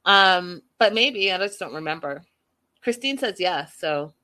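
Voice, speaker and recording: A woman's voice: lowish voice, expressive, measured pace, sharp tone. A woman hosting a casual recap of a reality show, reading viewer comments aloud and giving chatty, opinionated takes. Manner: chatty and opinionated, with frequent fillers.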